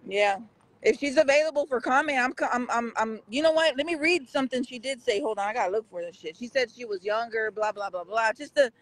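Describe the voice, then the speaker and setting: A man's voice: very high-pitched, fairly bright tone, poor audio. A man hosting a casual live street-news stream outside a courthouse, rambling and talking straight to his viewers.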